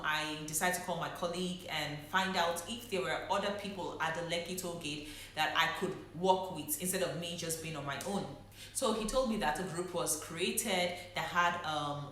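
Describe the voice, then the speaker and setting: A woman's voice: deep voice, fairly bright tone, a little hiss or hum. A young woman, a doctor, telling her own story in a reflective way and holding back emotion. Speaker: medical doctor. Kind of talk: personal vlog storytelling. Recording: very echoey room.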